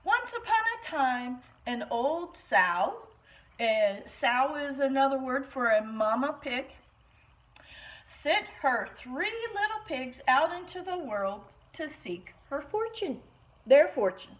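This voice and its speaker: A woman teacher reading a picture book aloud to children, expressive and stopping to explain words, on a muffled lo-fi recording. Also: high-pitched, slow.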